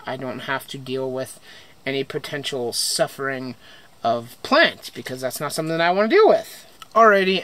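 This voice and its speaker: A man's voice: a little high, sharp tone, dry recording. Chatty, upbeat young man. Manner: enthusiastic, chatty, frequent fillers and restarts. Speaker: greenhouse vlogger. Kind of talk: casual plant tour. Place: home greenhouse.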